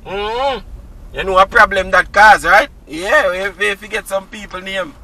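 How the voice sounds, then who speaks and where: A Jamaican man talks to his viewers from behind the wheel, looping back to the same friendly catchphrases. His voice sits high and sounds very bright. He is a little away from the mic, with faint music underneath. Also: unhurried, distant mic, rough recording. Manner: chatty, repeats catchphrases, greets viewers. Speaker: driving vlogger. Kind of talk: casual chat while driving. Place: inside a car on country roads.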